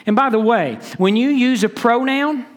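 A pastor preaching a sermon, stressing words by repeating them and switching between quick and slow delivery. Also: extremely high pitch.

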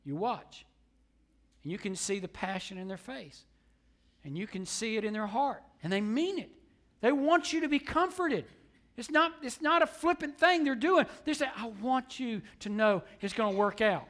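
A man preaching a sermon, emphatic and repetitive, swinging between quiet asides and loud declarations. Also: very high voice, expressive, normal speed. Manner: emphatic preaching with repetition, surging louder and softer. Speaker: pastor.

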